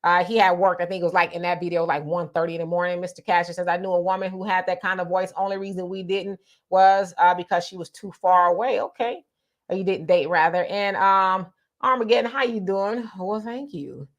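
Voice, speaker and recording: A woman's voice: fairly low pitch, steady tone, brisk, dull audio. A woman hosting a live online show, reading viewer comments aloud and greeting people by name, often laughing, with features. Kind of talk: casual live chat.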